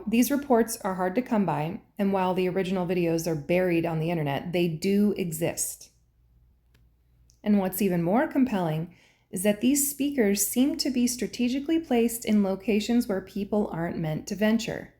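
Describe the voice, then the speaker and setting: A woman narrates in an earnest, conspiratorial scripted tone. Her voice is mellow and warm, sitting at an ordinary pitch. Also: moderate pace. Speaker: host and narrator.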